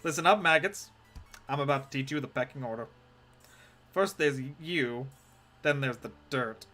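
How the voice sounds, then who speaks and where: A man voicing a sinister, bossy male genie servant who drags out his menacing threats slowly. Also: medium pitch, pushed and bright, soft background music, lightly acted. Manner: slow, drawn-out menacing threats.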